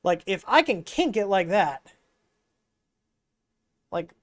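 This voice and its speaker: A man's voice: sits high, big pitch swings, takes it slowly, dry recording, clean studio sound. A man hosting a casual livestream, rambling with lots of fillers as he explains hardware while working on it, speaking into a wireless mic. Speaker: livestream host. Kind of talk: casual hands-on tech livestream.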